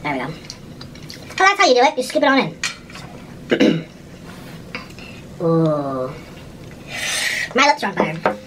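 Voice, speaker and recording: A woman's voice: on the low side, huge pitch swings, takes it slowly, long pauses, slight background noise, low-quality recording. A woman doing a casual mukbang, chatting at home while she eats, often humming and saying "ooh" between bites. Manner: chatty, talks while eating, little hums and ooh sounds. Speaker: vlogger.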